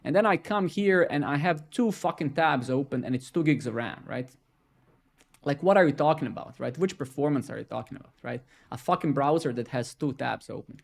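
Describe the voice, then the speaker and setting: A man's voice: a little high, animated, fairly quick, vocal fry. Swearing man ranting while he codes. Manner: profane, ranting, keeps tagging "right?" and "man"; drops into quiet muttering while debugging. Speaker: live coding streamer. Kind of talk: casual live-stream rant while coding.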